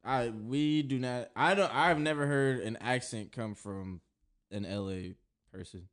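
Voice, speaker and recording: A man's voice: mid-range voice, measured pace. A man co-hosting a podcast in casual chat, skeptical and contrary with his friends. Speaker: podcast co-host.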